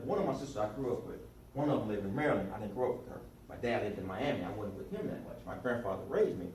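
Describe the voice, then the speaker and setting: Lively male workshop coach in an echoey room. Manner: lively storyteller, acts out quotes in high voices, sarcastic. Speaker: sales and life coach leading a workshop. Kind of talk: animated workshop talk to a small group. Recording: echoey room from far off, clear background noise.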